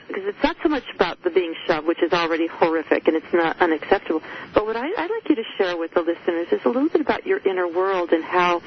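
A woman's voice: on the low side, dull audio, slight background noise. A woman psychologist hosting a radio interview, talking earnestly and emphatically with many fillers and restarts. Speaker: radio show host, psychologist.

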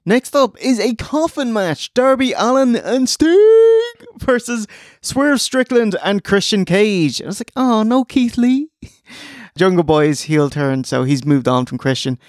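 A man's voice: high voice, very animated, measured pace, no echo, studio quality. A young Irish man co-hosting a casual wrestling podcast late at night, joking and enthusiastic, tired from the early hour. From Ireland. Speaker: podcast co-host.

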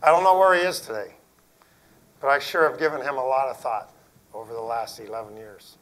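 Middle-aged male speaker, folksy earnest storyteller, mid-range pitch. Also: fairly quick, rough recording. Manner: folksy, earnest, drops to a hushed tone for emphasis. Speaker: Air Force general giving a talk. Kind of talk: storytelling talk to school principals.

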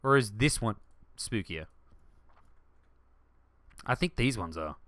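A man hosting a let's play, rambling excitedly through gaming commentary and jumping to shouts. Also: fairly low pitch, takes it slowly, no echo.

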